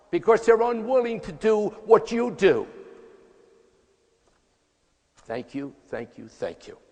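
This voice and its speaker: In an echoey hall, a man in his eighties, a tennis coach and motivational speaker, delivers a punchy, emphatic, folksy speech. His voice is high-pitched with a darkish tone.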